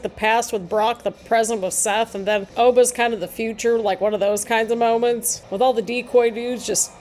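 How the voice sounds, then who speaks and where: Woman host, casual reaction commentary, high bright-pitched voice, chatty, laughs easily. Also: a little hiss or hum. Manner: chatty, animated, laughs often.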